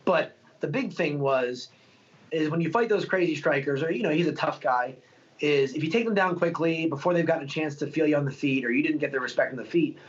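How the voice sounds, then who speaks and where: A young man rattles through his stories at a quick clip, full of fillers and restarts. He speaks in a casual interview tone, and the sound is a little dull and lo-fi. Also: fairly high pitch. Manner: fast, rambling storytelling with many fillers. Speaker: fighter being interviewed.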